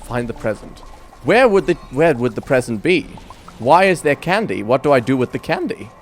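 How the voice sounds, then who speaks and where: A man's voice: mid-range voice, very animated, moderate pace, soft background music. Wry man commenting on gameplay. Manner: wry, self-mocking, chuckling. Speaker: gaming YouTuber.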